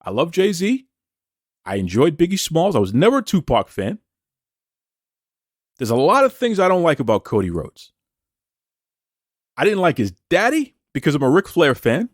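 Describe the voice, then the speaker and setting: A man's voice: a little high, wildly swooping pitch, normal speed, pauses often, no echo, clean studio sound. A man hosting a wrestling commentary show, ranting in a taunting, combative way and firing off rhetorical questions. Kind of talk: opinionated wrestling commentary rant.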